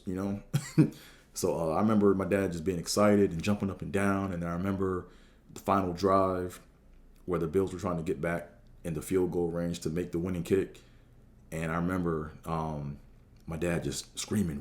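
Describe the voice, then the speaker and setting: A man in his thirties with a low, dark voice, telling a long story casually. He rambles along with plenty of fillers and loose swearing. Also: steady tone, normal speed. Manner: laid-back and rambling, with lots of fillers and swearing. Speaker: host.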